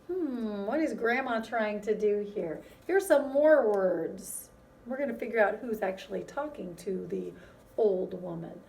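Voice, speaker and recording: A woman teaching a music lesson to young children, in a gentle, encouraging way that speaks straight to them. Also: fairly high pitch, animated, a little slow, vocal fry, distant mic.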